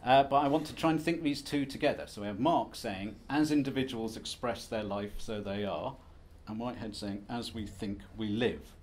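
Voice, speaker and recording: A man's voice: lowish voice, moderate pace, few pauses, a little mellow, slight background noise. A man giving a conference presentation as an academic, lecturing in a wry, self-deprecating, conversational way. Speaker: academic speaker.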